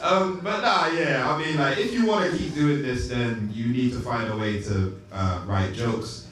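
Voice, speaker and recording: A man's voice: mid-range voice, moderate pace. A man judging comics at a live comedy show, laughing and teasing as he gives feedback. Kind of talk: live stand-up feedback banter. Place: comedy club stage. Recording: echoey club, distant mic, loud crowd.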